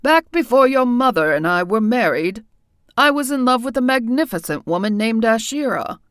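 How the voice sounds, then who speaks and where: A woman's voice: a little high, animated, normal speed, a bit bright, no echo. Woman playing weary older faerie king, grave, regretful father, firm and carrying, dry close sound. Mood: solemn. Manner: grave, confessional storytelling.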